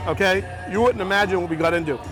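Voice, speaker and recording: A man's voice: sits high, fast, over music. A man hosting a casual festival vlog outdoors, chatty and enthusiastic as he tastes and praises food. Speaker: vlog host.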